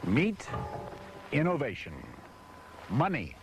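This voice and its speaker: A man's voice: fairly high pitch, sing-song, slow pace, over loud music, low-quality recording. A man working as a voice-over announcer, profane and exasperated, cursing his way through blown commercial takes.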